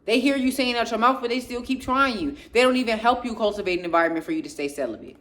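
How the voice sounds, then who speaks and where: A woman delivers a motivational faith talk straight to her listeners. She drives her points home with stacked, repeated phrases and an insistent, preachy rhythm, swelling with passion and then settling quieter. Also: a little high, fast. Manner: speaks passionately, getting louder, then drops quieter. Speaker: faith and self-growth speaker.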